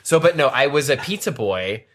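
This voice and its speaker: A young man co-hosts a comedy podcast, and his voice comes across bright and forceful. He wanders through his stories in a loose, casual way, packing them with fillers. His pitch sits at a middling level for a man. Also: animated, normal speed. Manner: rambling, filler-heavy storytelling. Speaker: podcast co-host.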